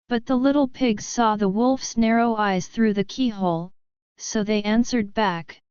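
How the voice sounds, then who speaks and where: A woman reads a children's fairy tale aloud in a slow, deliberate, expressive way. Her voice is very clear and slightly high, recorded dry with a dull, lo-fi tone. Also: no room sound. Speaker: storyteller. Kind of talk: children's story narration.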